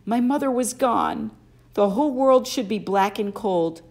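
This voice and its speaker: A woman's voice: on the high side, animated, a little slow, a little mellow, pitched above the performer's own voice. A woman voicing a twelve-year-old boy who speaks bluntly and urgently, in an audiobook. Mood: grieving.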